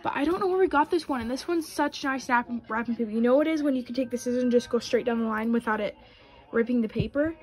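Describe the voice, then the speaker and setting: A woman's voice: on the high side, quick pace, darkish tone, low-quality recording. A young woman vlogging casually, chatty and bubbly, with lots of "like" and "um". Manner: chatty and bubbly, heavy use of "like" and "um". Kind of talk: casual vlog chat.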